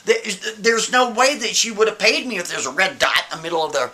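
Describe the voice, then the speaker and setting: A man voicing a proud, perfectionist painter, rattled and insistent as he explains himself. The voice is bright and a little high. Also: sing-song, brisk, heavily acted. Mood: flustered. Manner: insistent, flustered.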